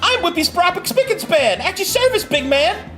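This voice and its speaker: A game master voicing an excitable tiny gnome man who gushes in quick, squeaky bursts. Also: soft background music, full character voice. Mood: chipper. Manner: squeaky, gushing, rapid bursts. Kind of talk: voicing a character in a tabletop game.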